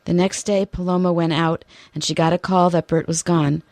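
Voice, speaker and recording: A woman hosting a radio interview, soft-spoken and thoughtful, sometimes reading story passages aloud. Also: fairly low pitch, steady tone, normal speed, no room sound.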